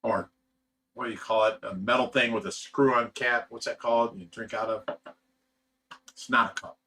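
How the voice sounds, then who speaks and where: A laid-back man from the United States hosts a relaxed livestream, chatting with viewers in a bright, forceful voice. He chuckles a lot and rambles with plenty of "you know" fillers, keeping things casual. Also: mid-range voice, moderate pace, a little hiss or hum. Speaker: livestream host reading chat. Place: fish rescue facility.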